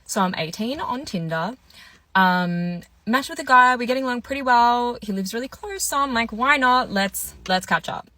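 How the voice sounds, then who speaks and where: A woman in her twenties with a slightly high, sharp voice and lively intonation talks at a normal speed, with no echo. In a chatty story-time monologue she recounts a date, quoting each person in their own voice.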